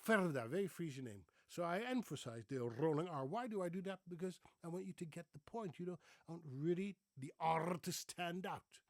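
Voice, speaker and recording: A man's voice: fairly high pitch, fairly quick, hardly any pauses, no room sound. A middle-aged man from the Netherlands with a Dutch accent, a former radio newsreader, talking casually and animatedly to camera on his own channel. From Netherlands (Friesland). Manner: animated, playful, exaggerated rolled R demonstrations.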